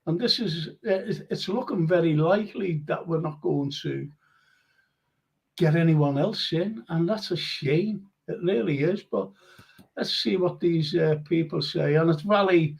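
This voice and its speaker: A man hosting a live fan show in casual chat, talking warmly with guests, laughing often and reading viewer comments aloud. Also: a little high, unhurried, gravelly. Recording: muffled lo-fi live-stream audio.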